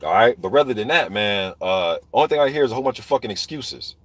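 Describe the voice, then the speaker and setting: A man's voice: on the low side, lively intonation, fast talker, a bit bright, dry recording. A man ranting heatedly and profanely about boxing, talking straight to viewers in a live chat. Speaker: boxing commentator. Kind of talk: ranting live stream commentary.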